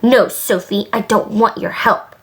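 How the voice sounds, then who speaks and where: A woman's voice: medium pitch, steady tone, a little slow, close to an everyday voice. A woman voicing a boastful, hot-tempered little boy playing pirate in a storybook. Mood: angry. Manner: bragging, snappish.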